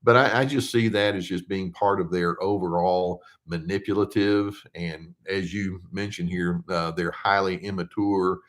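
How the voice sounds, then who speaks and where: A man's voice: low-pitched, fairly even intonation, fairly bright tone. An older man, a therapist, answering viewer questions in casual explanatory talk, with plenty of fillers and restarts. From United States. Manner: conversational, with frequent fillers and restarts; reads questions aloud slowly and deliberately.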